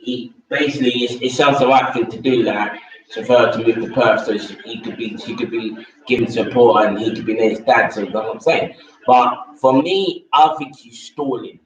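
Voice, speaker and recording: A man's voice: mid-range voice, normal speed, very echoey. Opinionated male vlogger, rambling and blunt; distant, dull lo-fi sound. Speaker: vlogger reviewing a reality show. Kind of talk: casual opinionated chat.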